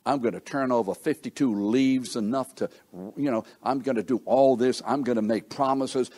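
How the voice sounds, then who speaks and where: A man preaches a loose, conversational sermon in a slightly husky, breathy voice of ordinary middle pitch and dark tone. He keeps questioning his listeners and acts out the inner thoughts of the people he describes, moving at a moderate pace with few pauses.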